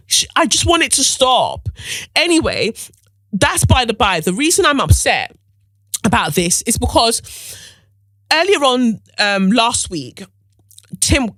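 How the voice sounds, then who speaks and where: A woman's voice: lowish voice, a bit bright, no echo. A woman hosting a podcast, giving outspoken, profane, slang-filled commentary. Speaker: podcast host.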